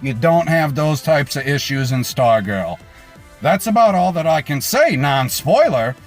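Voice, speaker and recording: A man hosting a reaction video, recapping an episode casually with swearing and lively pitch swings. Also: unhurried, faint music behind. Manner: animated, swings pitch for emphasis.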